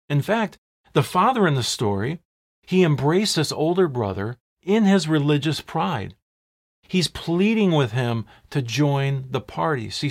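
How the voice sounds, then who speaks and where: A man preaching a sermon as a pastor, emphatic, posing rhetorical questions and slowing down to stress key words. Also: medium pitch.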